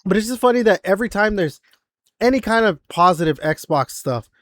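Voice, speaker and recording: A man's voice: high-pitched, expressive, brisk, a bit bright, dry recording, studio quality. A man co-hosting a casual gaming podcast, rambling with lots of fillers and swearing. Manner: rambling, filler-heavy, profane. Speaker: podcast co-host.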